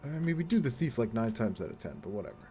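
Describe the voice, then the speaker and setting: A man's voice: medium pitch, sing-song, racing, dark tone, soft background music. A man chatting casually while live-streaming a game, rambling, swearing freely and laughing often as he talks to his viewers.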